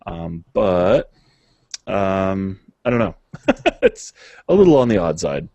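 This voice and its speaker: A man's voice: deep voice, sing-song, slow, gravelly, mellow, dry recording, highs cut off. A man co-hosting a gaming podcast, reading patch notes aloud and chatting casually, with frequent filler uhs and small chuckles. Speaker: podcast co-host.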